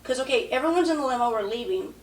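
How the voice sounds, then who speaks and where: A woman's voice: fairly high pitch, lively intonation, fast talker, echoey room, far from the mic, a little hiss or hum, low-quality recording. A woman telling stories in casual podcast chat, often acting out what people said. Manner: chatty, acts out quotes. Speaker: podcast guest. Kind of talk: casual storytelling.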